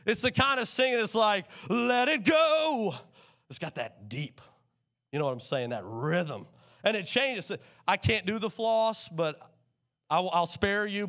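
Preaching in a church sanctuary, a man with a high voice delivers an animated sermon as the pastor, drawing responses from the congregation.

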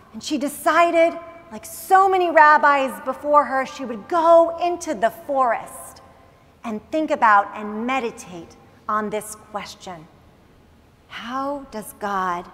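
A woman rabbi delivers a sermon as an expressive, dramatic story. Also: high-pitched. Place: synagogue sanctuary. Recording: long reverb in large hall.

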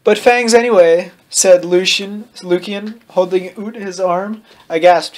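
High-voiced man reading for laughs. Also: a little slow. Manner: playful, breaks into laughter while reading. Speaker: comedic reader. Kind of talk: mocking dramatic reading.

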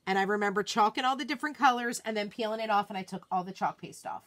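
A woman hosting a live craft demonstration, chatting casually and excitedly, often murmuring quietly to herself as she works. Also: mid-range voice, fast talker. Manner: bubbly, chatty, self-deprecating, often drops to a murmur while working. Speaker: craft livestream host.

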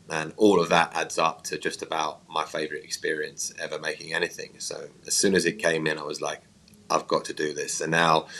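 A man's voice: a bass voice, vocal fry, sharp tone, low-quality recording. An English actor in his thirties, chatting in an interview, rambling and teasing with self-mocking humour. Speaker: actor guest. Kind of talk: casual interview chat.

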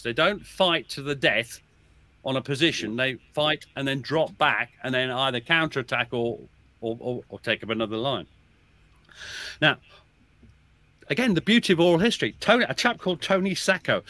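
A man appears as a guest oral historian in a podcast chat, relishing his animated stories of soldiers, chuckling often and restarting his sentences. His mid-range voice sounds pushed and bright.

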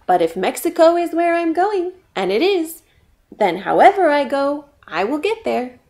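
A woman's voice: high voice, sing-song, moderate pace, darkish tone. A woman voicing a determined little female caterpillar who becomes a butterfly, chanting earnestly in a storybook reading. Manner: earnest sing-song chanting.

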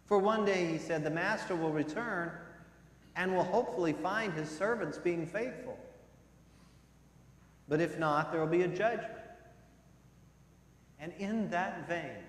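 A male pastor preaching in a church sanctuary, his voice sitting a little high for a man. He swings from loud, stressed phrases down to soft, low ones. The sound carries a long, echoey church-hall reverb. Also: measured pace, pauses often. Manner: dramatic swings between loud emphasis and soft, low passages. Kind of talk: sermon.

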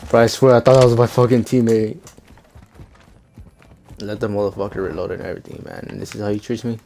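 A man's voice: on the low side, little pitch movement, fast talker, gravelly, a little hiss or hum. A young man giving profane, trash-talking commentary while playing a shooter game. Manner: swears constantly, trash-talks opponents. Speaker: gaming streamer. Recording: loud gunfire game audio behind.

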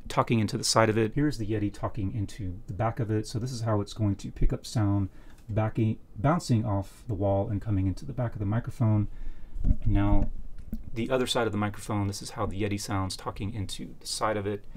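Relaxed man testing a desk mic. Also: lowish voice, fairly quick. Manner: plain and relaxed, explaining step by step. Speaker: tech reviewer. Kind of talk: casual mic test demonstration. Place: small home room, talking close to a desk mic. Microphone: USB condenser mic on a desk.

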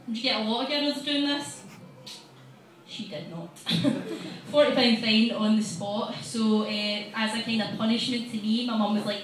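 A woman's voice: mid-range voice, fairly even intonation, moderate pace, a little hiss or hum. A young Glaswegian woman doing a stand-up set on a small bar stage, chatty, brash and sweary. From Scotland. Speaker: stand-up comedian. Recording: echoey live bar from a distance.

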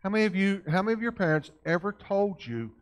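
A man's voice: high voice, sing-song, fast. A man giving a conversational church lecture in a folksy way, constantly checking in with his listeners with questions. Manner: folksy, keeps asking the audience questions.

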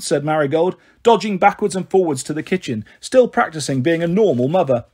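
A man reading a children's novel aloud, expressive and voicing each character in turn. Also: fairly high pitch, brisk, breathy edge. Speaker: storybook reader.

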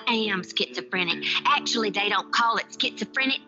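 A woman's voice: mid-range voice, fairly quick, natural voice. A woman voicing a whiny, exasperated teenage girl in a comedy voice clip. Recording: dull lo-fi clip with music.

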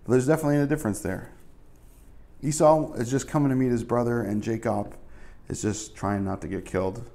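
A man's voice: medium pitch, fairly even intonation, fairly quick, warm tone. A male pastor giving a casual, conversational sermon, full of asides and fillers.

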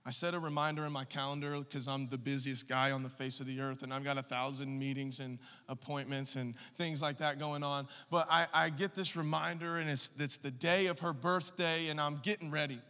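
A man in his thirties preaching a sermon in a church, moving between quiet personal storytelling and loud, passionate urging. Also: on the high side, flat delivery, brisk, few pauses, smooth. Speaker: pastor. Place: church sanctuary. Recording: reverberant church hall.

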